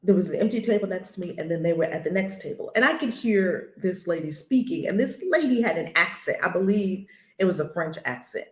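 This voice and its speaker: Older female spiritual teacher, forthright and emphatic, slightly low voice, roomy recording. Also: lively intonation, brisk. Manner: blunt, emphatic, repeats key phrases. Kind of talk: spoken spiritual lesson.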